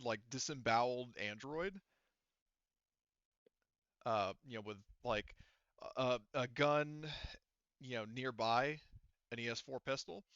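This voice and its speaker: Male game master, bright crisp voice, meandering narration, lo-fi voice-chat sound. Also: medium pitch, dry recording. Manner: rambling, full of fillers and restarts.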